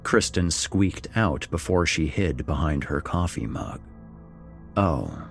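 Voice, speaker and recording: Male narrator, low and animated, first-person fiction; faint music underneath. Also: slow pace, gravelly. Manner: expressive, swings between wry and somber. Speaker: story narrator.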